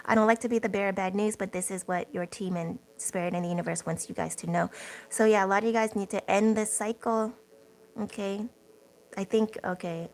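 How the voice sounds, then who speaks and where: A young woman hosts a casual tarot livestream. Her voice has a gravelly, fry-laced edge at a mid pitch. She rambles warmly through the chat with plenty of filler words and little laughs. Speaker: tarot reader.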